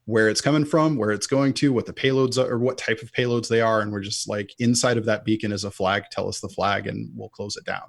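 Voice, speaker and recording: A man speaks as a podcast guest in a relaxed, rambling way, padding his points with filler words. His voice is gravelly with fry at the ends of phrases, and the sound is dry and close with no room around it. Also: lowish voice, a little fast, hardly any pauses, dry recording. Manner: loose and chatty, frequent "like" fillers. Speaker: podcast guest, offensive security lead. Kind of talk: casual conversational chat.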